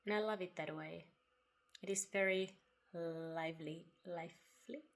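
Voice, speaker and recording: A woman giving a reflective spoken monologue about spiritual ideas. She talks softly and without hurry, pausing often, sometimes dropping to a breathy half-whisper. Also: mid-range voice, steady tone. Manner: soft and unhurried, with long pauses, occasional breathy half-whispers and quiet laughs. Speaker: writer sharing spiritual reflections.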